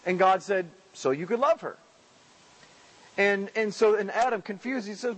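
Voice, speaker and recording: A man preaching a sermon in a church, praying and then telling jokes with lively acted-out voices. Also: normal speed, long pauses, poor audio. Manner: animated storytelling, acts out characters with raised pitch. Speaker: pastor.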